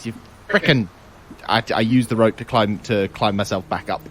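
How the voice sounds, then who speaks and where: A man's voice: lowish voice, steady tone, moderate pace, a bit bright, a little hiss or hum, low-quality recording. A man playing a tabletop game casually, stammering and restarting. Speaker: player.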